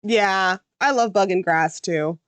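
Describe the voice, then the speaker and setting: A woman talks casually at a slow, unhurried pace, pausing with fillers as she thinks aloud and fixes her own slips. Her voice sits at an ordinary middle pitch. The recording is dry and close, with no room sound. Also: clear, resonant tone, dry recording. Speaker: VTuber. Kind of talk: casual chat.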